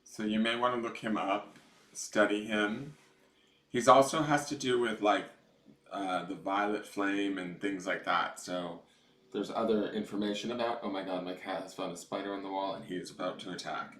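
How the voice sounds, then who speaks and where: A man's voice: fairly low pitch, steady tone, moderate pace, fairly bright tone. A man giving a casual livestream tarot reading, rambling and chatty with some swearing, recorded on a camera mic. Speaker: tarot reader. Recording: echoey room.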